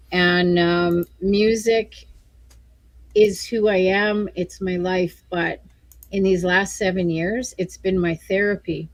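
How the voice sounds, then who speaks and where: A woman's voice: fairly low pitch, no room sound. Tearful woman talking in a dry room. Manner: tearful, rambling, laughs often. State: crying. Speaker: featured guest singer. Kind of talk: emotional interview chat.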